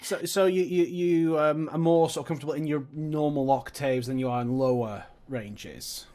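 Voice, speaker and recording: A man hosting a casual interview, asking relaxed questions between short replies. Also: fairly high pitch, normal speed. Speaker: podcast host.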